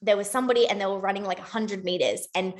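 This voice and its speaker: A young woman giving a casual motivational talk to her sales team, chatty and rambling, with lots of "like" and quick self-corrections. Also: medium pitch, steady tone. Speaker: network marketing team leader.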